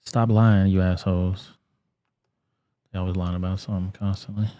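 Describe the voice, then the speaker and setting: A man with a deep, dark voice hosts a live stream, reacting to clips bluntly and profanely. He talks in a flat, laid-back drone. The sound is dry and close. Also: moderate pace, no echo. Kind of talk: casual live-stream commentary.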